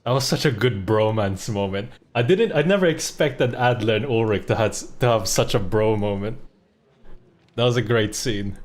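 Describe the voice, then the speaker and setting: A man streaming a game, reading its text aloud and reacting in an excitable, profane way. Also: on the low side, normal speed. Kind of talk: let's-play commentary.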